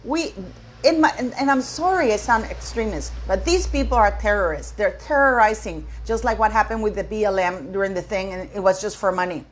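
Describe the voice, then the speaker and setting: A woman's voice: medium pitch, brisk. A middle-aged woman hosting her own channel, giving an indignant, rambling opinion rant to camera and repeating words for emphasis. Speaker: commentary channel host.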